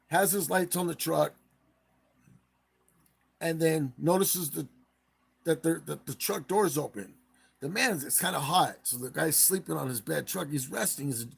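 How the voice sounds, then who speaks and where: A man's voice: on the high side, creaky, breathy edge. A man hosting a live stream, casually retelling a case in a rambling way and acting out the quotes.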